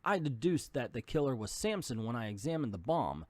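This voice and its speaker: An earnest, steady hero archer laying out the solution to a case, as a man reads him from a comic. The voice moves lively up and down and sounds close and dry, with no room around it. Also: mid-range voice, fairly quick, no room sound, close to an everyday voice. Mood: explaining. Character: steady heroic male archer crimefighter.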